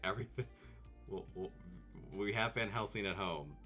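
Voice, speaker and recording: A man streaming comedic movie commentary, animated, profane and sarcastic. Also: lowish voice, moderate pace, faint music behind.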